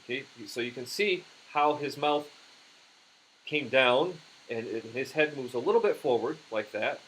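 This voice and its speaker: Halting man teaching puppetry. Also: medium pitch, animated, fairly bright tone, a little hiss or hum, rough recording. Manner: halting, with frequent restarts and fillers. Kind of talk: instructional demonstration.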